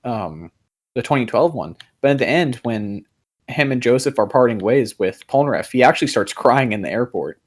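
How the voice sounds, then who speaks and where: A young man chats loosely on a podcast, his middle-pitched voice stopping and starting as he hunts for words. He fills the gaps with frequent "um"s and tosses in a casual swear now and then. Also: lively intonation, normal speed. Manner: rambling, hesitant, many fillers and restarts. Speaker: podcast co-host. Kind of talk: casual chat.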